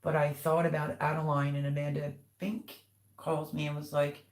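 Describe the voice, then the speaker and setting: An older woman hosts a live stream in a low, flat voice at normal speed, the sound roomy. Her talk is chatty and rambling, full of family stories and viewers' comments read out loud.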